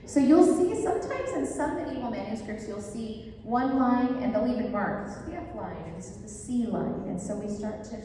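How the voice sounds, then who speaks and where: Woman lecturer, casual and enthusiastic; warm mellow tone, captured from a distance in a reverberant hall. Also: on the high side, lively intonation, moderate pace, hardly any pauses, slight background noise. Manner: chatty, enthusiastic, with fillers. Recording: echoey hall, voice far from mic.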